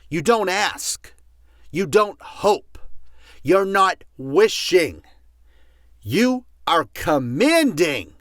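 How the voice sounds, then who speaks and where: A fairly high-pitched man, a self-help speaker, teaches a motivational audio course with passion, loudly and emphatically repeating key words for force. The recording is clean studio sound with no echo.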